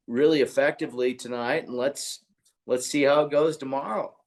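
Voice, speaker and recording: A man who is a chiropractor and podcast co-host, chatting casually and telling clinic stories in an excitable, blunt way. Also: mid-range voice, a little fast.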